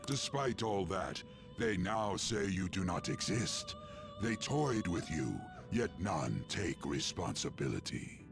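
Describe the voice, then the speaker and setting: An actor voicing an ancient, ominous male master of a dream realm, speaking slowly in grave, cryptic pronouncements in dubbed video game dialogue. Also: exaggerated voice. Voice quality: deep gravelly.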